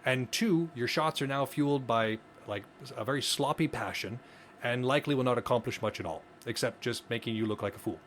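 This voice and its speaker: A man's voice: medium pitch, fairly quick, fairly bright tone. A man with a mid-range voice talks through his ideas on a casual podcast. He explains earnestly and often restarts his sentences. A faint hiss sits under the recording. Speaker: podcast co-host.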